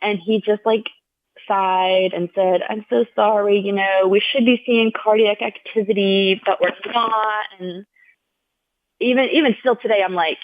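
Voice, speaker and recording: A woman's voice: mid-range voice, steady tone, measured pace, no room sound. Woman guest, earnest storyteller, lots of "like"s, acts out quotes. Tinny, dry phone-line sound. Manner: earnest, heartfelt retelling, heavy use of "like"; acts out the people she quotes in raised voices. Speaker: podcast guest. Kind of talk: personal storytelling in a conversational interview.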